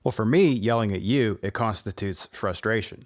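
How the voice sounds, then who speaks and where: With a voice on the low side and a moderate pace, a podcast co-host teases his friend in relaxed conversation. His easygoing chat includes advice delivered in a mock-professional style.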